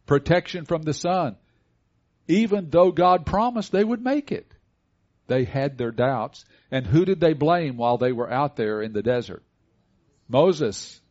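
A man's voice: fairly high pitch, animated, a little slow, a little mellow, dull audio. A man preaching a conversational sermon who acts out the voices of Bible figures as he retells their stories.

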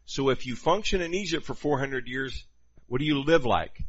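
A man delivering a sermon in a lively, chatty way, dropping quick asides to his listeners. His voice sits in a middle range and comes through a slightly dull, lo-fi recording. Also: medium pitch. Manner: animated, conversational preaching with quoted asides.

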